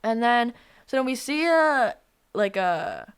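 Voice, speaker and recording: A woman's voice: on the high side, very animated, slow pace, clear, resonant tone. A young woman in casual podcast chat, talking in a loose way with many fillers. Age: young adult. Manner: chatty, full of fillers. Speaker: podcast guest.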